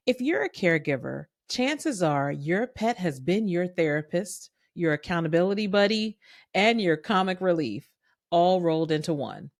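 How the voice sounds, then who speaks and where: Chatty woman podcast host, lively. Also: on the low side, no room sound, studio quality. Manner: chatty, animated, acts out quoted voices. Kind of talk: casual storytelling podcast.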